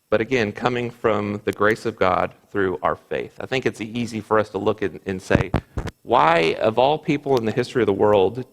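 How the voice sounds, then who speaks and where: A man's voice: on the low side, vocal fry. A man teaching a Bible class in a church, speaking earnestly, quoting scripture and often restarting his sentences. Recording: reverberant church hall.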